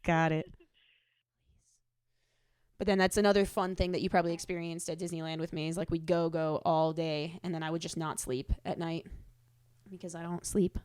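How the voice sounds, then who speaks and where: A woman hosting a podcast, chatting casually and telling animated stories with quoted voices. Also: lowish voice, normal speed, long pauses, smooth. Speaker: podcast host. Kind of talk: casual chat.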